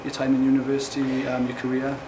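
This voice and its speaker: A man's voice: mid-range voice, completely flat delivery, fast talker. A young man interviewing a guest as a student, asking hesitant questions with many ums. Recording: distant mic in echoey noisy room.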